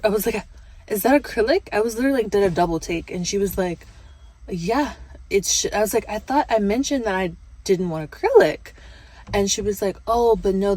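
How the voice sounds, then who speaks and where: A woman's voice: mid-range voice, darkish tone, low-quality recording. A young woman vlogger telling a casual, chatty story full of fillers and quoted back-and-forth.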